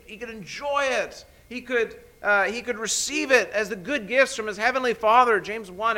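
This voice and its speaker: A middle-aged man preaching a sermon as a pastor, emphatic and animated, often restarting phrases. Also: high voice.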